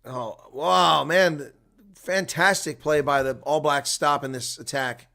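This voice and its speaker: A man giving live rugby play-by-play commentary, moving from relaxed asides to excited calls. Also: fairly high pitch, slow pace, gravelly. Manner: swings from quiet asides to loud excited calls; chuckles and chats with viewers between plays.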